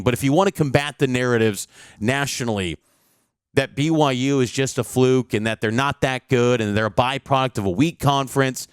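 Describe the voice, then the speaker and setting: A man's voice: mid-range voice, no room sound, clean studio sound. A male sports reporter giving a confident, stat-heavy preview of a college football game.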